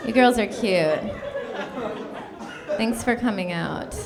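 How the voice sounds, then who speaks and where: A woman's voice: mid-range voice, takes it slowly, crowd noise. A young woman doing a brash stand-up comedy set on a club stage, mimicking songs and people in silly voices. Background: loud audience laughter.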